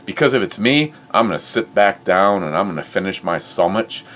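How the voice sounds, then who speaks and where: A middle-aged man hosting a casual talk show, blunt and profane, swinging from muttered asides to loud outbursts. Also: low-pitched, expressive, brisk, far from the mic, a little hiss or hum. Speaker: host of a review show.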